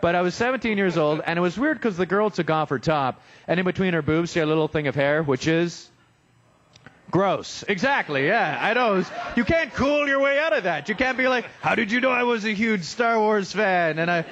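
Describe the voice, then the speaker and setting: Young male comic, fairly high voice, stand-up set in a restaurant, dull lo-fi live recording. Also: lively intonation, brisk, fairly bright tone. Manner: self-deprecating, joking, acts out quoted voices. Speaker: stand-up comedian.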